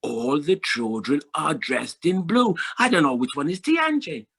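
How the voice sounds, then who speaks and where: Skinny, sneaky stranger, played by a male storyteller; pitched up, demanding, exasperated. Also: big pitch swings, unhurried, gravelly, fairly bright tone, husky, heavily acted. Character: skinny, sneaky stranger man hunting a girl.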